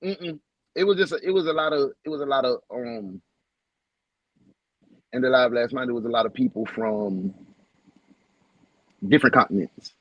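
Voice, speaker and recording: A man hosting a casual livestream, heartfelt and repetitive, shouting out viewers by name. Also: medium pitch, moderate pace, long pauses, no echo, muffled recording. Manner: heartfelt, preachy, repeats phrases. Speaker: livestream host.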